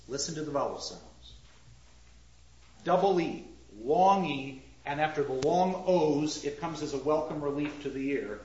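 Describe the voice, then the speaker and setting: Slow, deliberate man lecturing on verse. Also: a little high, dark tone, a little hiss or hum. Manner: reads verse aloud slowly and rhythmically, questions the class. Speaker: teacher. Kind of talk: classroom lecture on poetry. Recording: roomy, dull lo-fi classroom recording.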